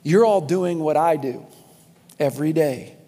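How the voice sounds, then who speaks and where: A man's voice: on the high side, a little slow, warm tone. A man preaching a sermon in a church, speaking emphatically, repeating key lines and addressing the congregation directly. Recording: long reverb of a large hall.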